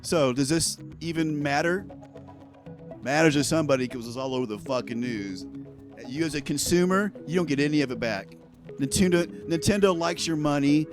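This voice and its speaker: A man's voice: a little high, a little fast. Profane, heated man ranting over music. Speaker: news commentator. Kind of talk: ranting casual commentary.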